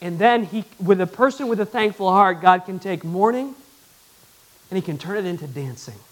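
A man preaching a sermon to his church, swinging from loud, excited bursts to hushed, earnest appeals. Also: high-pitched, moderate pace. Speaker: pastor.

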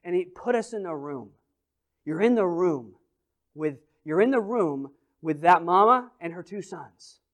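A man preaching a sermon, telling a story in an animated way, dropping to near quiet and then rising loud as he acts out the scenes. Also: high-pitched, a little slow. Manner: animated storytelling with big swings in volume; acts out scenes and quotes with playful voices. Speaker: pastor.

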